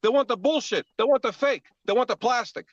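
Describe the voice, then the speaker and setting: A man's voice: very high voice, a little fast, a loud crowd. An older man arguing defensively in a livestream, insisting on his point and repeating phrases. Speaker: guest streamer. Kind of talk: heated casual debate. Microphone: video call. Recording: dry, muffled lo-fi call audio.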